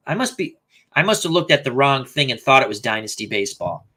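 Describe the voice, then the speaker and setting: A man's voice: mid-range voice, sing-song, a little fast, bright, forceful tone. A man hosting a casual live stream, thinking aloud and reading out viewer comments. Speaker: host.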